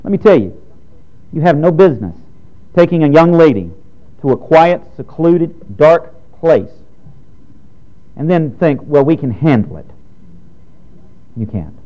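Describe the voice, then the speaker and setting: A pastor in his thirties delivers a sermon in a frank, direct way. His pitch swings widely between high emphatic lines and low quiet ones. The voice itself is mellow and dark. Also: lively intonation, unhurried, long pauses, highs cut off. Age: 30s. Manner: preaching with rising and falling emphasis, direct and frank.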